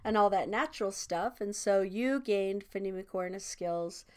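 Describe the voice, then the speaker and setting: A woman's voice: medium pitch, normal speed. A woman in her sixties, a kindergarten teacher, chatting casually and laughing often between thoughts. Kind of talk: casual conversation.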